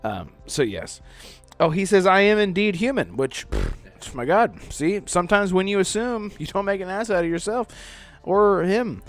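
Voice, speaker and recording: A man hosting a gaming podcast, talking casually. His voice sits a bit high. He rambles, with many pauses and fillers. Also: very animated, faint music behind. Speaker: podcast host. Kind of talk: casual chat.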